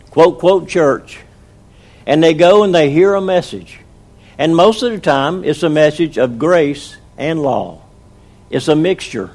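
Gravelly-voiced preacher man. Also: on the high side, darkish tone. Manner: earnest, conversational preaching with acted quotes. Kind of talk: sermon testimony.

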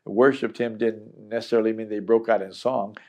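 A man's voice: on the low side, steady tone, fairly quick, darkish tone. A middle-aged man teaching a Bible chapter in a conversational, earnest way, acting out the people he quotes.

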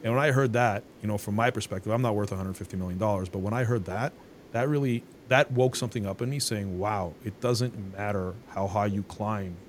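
A man hosting a podcast who talks in a halting way and restarts his sentences. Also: lowish voice, a little hiss or hum. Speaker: podcast host. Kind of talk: casual interview conversation.

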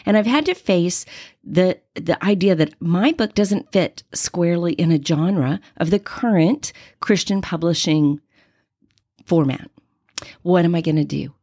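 Woman, 60s, podcast host, lively storyteller, dry close mic, faith talk. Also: fairly low pitch, a little slow, dry recording. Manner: animated personal storytelling. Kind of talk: faith-based podcast monologue.

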